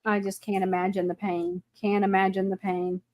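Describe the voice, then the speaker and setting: A woman's voice: mid-range voice, normal speed. A woman host, telling stories in a casual chat. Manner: animated storytelling.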